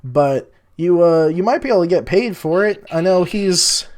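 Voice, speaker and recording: A man's voice: sits high, expressive, normal speed, darkish tone. A man voicing a chatty middle-aged innkeeper who rambles and stammers.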